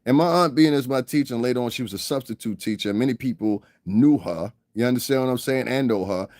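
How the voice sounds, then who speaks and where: A man's voice: medium pitch, quick pace, darkish tone, no echo. A man holding forth on a livestream in a mid-range voice, rambling from rant to anecdote. He swears freely, laughs at his own stories and keeps checking that you follow him. The sound is dry and close. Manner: profane, rambling, keeps asking "you understand what I'm saying", laughs often. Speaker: livestream commentator. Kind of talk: rambling casual livestream commentary.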